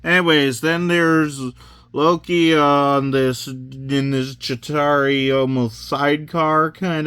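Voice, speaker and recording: A man's voice: medium pitch, sharp tone, clean tone, no echo. A man giving a casual, rambling toy review at home, self-deprecating and wandering off topic. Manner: rambling, self-deprecating, drifts into joke accents. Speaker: Lego set reviewer.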